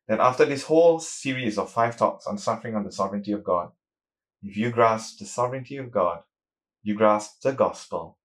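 Guy preaching a sermon, earnest and emphatic, voice rises when he reads scripture. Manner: rises in pitch and volume when reading scripture.

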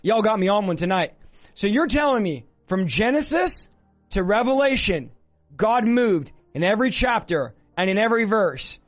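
A male preacher delivering a fervent sermon, often shouting. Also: sits high, sing-song, normal speed. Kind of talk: fiery sermon. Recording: dull lo-fi sound with faint music.

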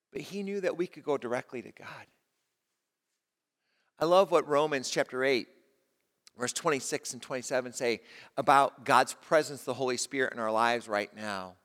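A male pastor preaching a sermon, moving between hushed low passages and rising emphatic stretches. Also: big-room sound. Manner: dynamic preaching, drops to soft low tones and rises with emphasis.

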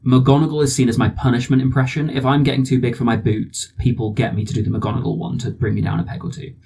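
A man's voice: medium pitch, little pitch movement, fast talker, vocal fry, dark tone, slight background noise. A man hosting a casual chat, playful and self-deprecating. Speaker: podcast host.

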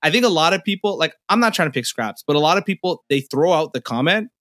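A young man on a casual podcast, spinning street stories with lively play-acting and plenty of swearing. His voice sits a little high and has a bright, forceful edge. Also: fast. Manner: animated storyteller, acts out arguments, swears freely. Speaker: podcast co-host.

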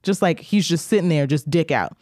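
A man co-hosting a podcast, telling a long anecdote in a casual, animated way with lots of "like" fillers. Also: fairly high pitch, fairly quick, no echo, clean studio sound. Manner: animated storyteller, heavy filler "like". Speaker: podcast co-host. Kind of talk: casual chat.

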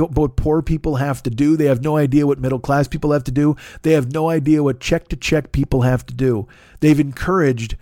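Podcast host, male, high voice, dry close sound, swearing and sarcastic rant. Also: warm tone, no echo. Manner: profane, sarcastic, exasperated. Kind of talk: ranting monologue.

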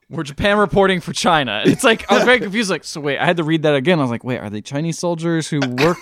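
A man's voice: fairly high pitch, expressive, quick pace, fairly bright tone. A man hosting a podcast, rambling and correcting himself as he recaps a confusing movie. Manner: rambling, self-correcting storyteller acting out scenes. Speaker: podcast host. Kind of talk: casual chat recapping a movie.

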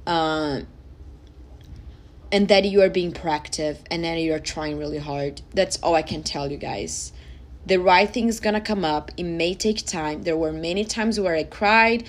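A woman, hosting a personal podcast and speaking earnestly and emotionally to her listeners. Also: lowish voice. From Brazil. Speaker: podcast host.

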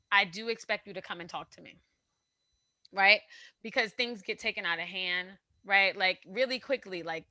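A woman with a mid-range voice co-hosts a casual chat, telling stories with lots of energy in an emphatic, slangy, animated way. There's no room sound.

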